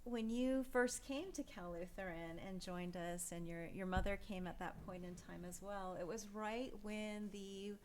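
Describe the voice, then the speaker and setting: A woman moderating a forum asks a guest measured, gentle questions. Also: medium pitch, a little hiss or hum. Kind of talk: forum interview.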